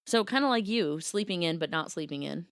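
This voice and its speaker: A woman's voice: fairly low pitch, animated, fairly quick, dry recording, clean studio sound. A woman co-hosting a podcast, telling a story in a casual, exasperated and profane way. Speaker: podcast co-host. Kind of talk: casual chat.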